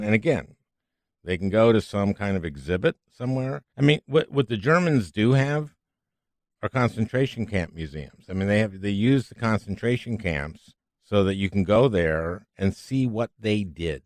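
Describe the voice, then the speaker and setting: Jokey low-voiced man hosting a podcast. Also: moderate pace, dry recording. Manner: jokey, animated, rambling asides. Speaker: podcast host. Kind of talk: casual interview chat.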